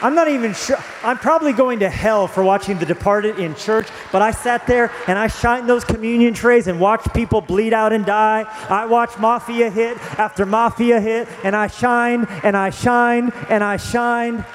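Male pastor, young adult, slightly high voice; rambling storyteller who builds to fervent preaching; big reverberant hall. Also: normal speed, few pauses, a little hiss or hum. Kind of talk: sermon with personal story.

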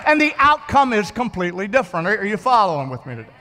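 Male pastor, very high and bright voice, conversational sermon that keeps checking in with the congregation. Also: animated, fast, few pauses, big-room sound, some chatter behind. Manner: conversational, repeats words and checks in with listeners.

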